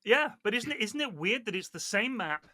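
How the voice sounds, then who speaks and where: Brief: man, podcast guest, high and very bright voice, dry close sound, swears freely. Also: brisk, no echo. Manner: animated storyteller, swears a lot, mimics other players. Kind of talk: casual podcast chat.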